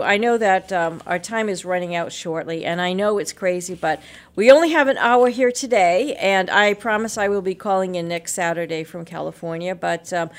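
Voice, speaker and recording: A woman hosting a local radio show, chatting casually through event listings with lots of fillers and small laughs. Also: on the low side. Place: radio studio.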